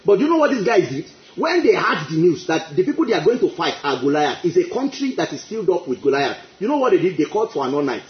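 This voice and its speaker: A male preacher with a high, sing-song voice races through an emphatic sermon with hardly a pause, repeating phrases and bursting into exclamations of praise. The audio is dull lo-fi and echoey.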